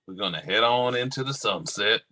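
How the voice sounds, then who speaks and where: A man's voice: lowish voice, lively intonation, brisk, sharp tone. A man co-hosting a podcast over a video call, laughing often and slipping into mocking voices. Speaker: podcast co-host. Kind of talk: casual chat.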